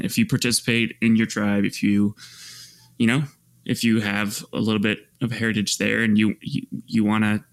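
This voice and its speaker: A man co-hosting a podcast with a gravelly voice, talking casually in a halting way and restarting his sentences. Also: fairly low pitch. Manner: halting, searching for words with many restarts. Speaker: podcast co-host. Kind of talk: casual chat.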